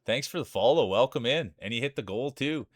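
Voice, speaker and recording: Animated and a little quick, his medium-pitched voice carries hyped sports-announcer patter as he hosts live marble races. He's a forties-aged man with a small-town Saskatchewan accent, rambling through stream commentary and chat with no echo.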